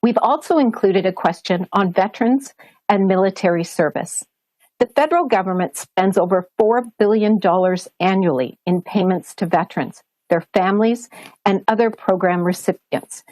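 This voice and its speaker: A woman with a Canadian accent reading a prepared statement as a government official at a press briefing, in a formal, measured way. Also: medium pitch, expressive, darkish tone, dry recording, low-quality recording. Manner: formal, measured delivery, switching between English and French.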